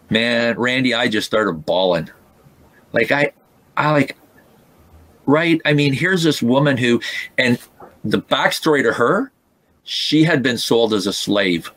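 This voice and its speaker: A man guest in a podcast interview, telling a moving story in an emotional, halting way with many restarts. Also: medium pitch, animated, fairly bright tone, no room sound.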